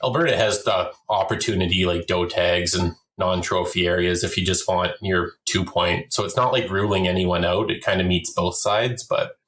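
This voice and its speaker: A man from Canada with a low, deep voice talks in a relaxed, conversational way. He is blunt and opinionated. The sound is roomy, with noticeable echo. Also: normal speed, few pauses. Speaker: podcast guest, hunter and wildlife photographer. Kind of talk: casual conversation.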